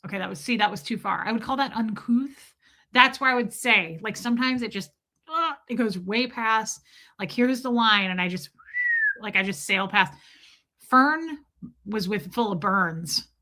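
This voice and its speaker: A woman's voice: medium pitch, normal speed, bright, forceful tone. A woman hosting a livestream, chatting casually in a blunt, profane, self-mocking way. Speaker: livestream host. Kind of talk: casual chat.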